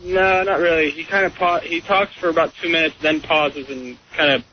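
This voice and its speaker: A man's voice: on the high side, steady tone, normal speed, a little hiss or hum. A man calling into a talk radio show, chatting in an offhand, laid-back way. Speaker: caller. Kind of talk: phoned-in radio call. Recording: muffled radio broadcast.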